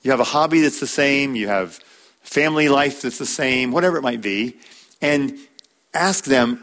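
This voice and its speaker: A man's voice: medium pitch, normal speed, fairly bright tone. A man teaching a church class on marriage, talking in a conversational way, repeating words and using fillers.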